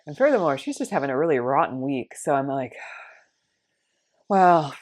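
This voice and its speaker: A woman telling a personal faith story in an animated way, acting out the dialogue in different voices. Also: extremely low pitch, quick pace.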